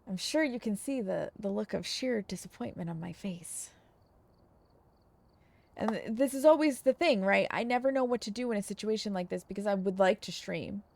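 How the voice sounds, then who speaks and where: A woman's voice: mid-range voice, lively intonation, moderate pace, gravelly, a little mellow. A woman streamer talking casually to her viewers, frustrated and venting, with some swearing.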